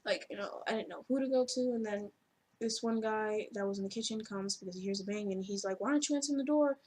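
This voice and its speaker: A woman with a husky, slightly breathy voice recounts a story in a loose, conversational ramble. Her pitch sits in an ordinary middle range, and she sprinkles her talk with fillers and casual curses. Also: level tone, fast talker, a little mellow. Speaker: vlogger telling a story.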